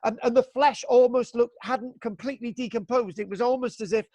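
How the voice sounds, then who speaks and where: Over a video call, a British man teaches archaeology to young students in a live online class, excitable and jokey, playing at exasperation and adding "right?" to the end of his sentences. His voice is very high and a little fast, and the recording is dry.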